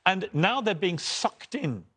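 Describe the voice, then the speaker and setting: A man with a British accent, an excitable panel guest who talks over others with strong opinions. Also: high voice, slow, slightly rough.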